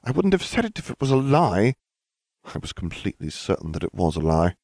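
A man voicing a bossy, studious teenage girl who is a witch, in a higher, precise, exasperated tone. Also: sing-song, brisk, gravelly, darkish tone, no echo, clean studio sound, full character voice. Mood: earnest, bossy.

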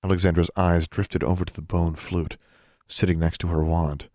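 A man narrating a story in a steady, measured way. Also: sits low, dry recording, clean studio sound. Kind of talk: audiobook narration.

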